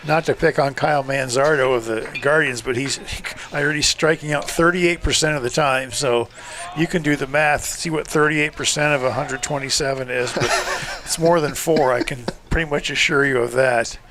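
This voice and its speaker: Chuckling former coach on radio color. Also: male voice, mid-range voice, fairly even intonation, normal speed. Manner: chatty storyteller, chuckles often. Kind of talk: relaxed radio color commentary.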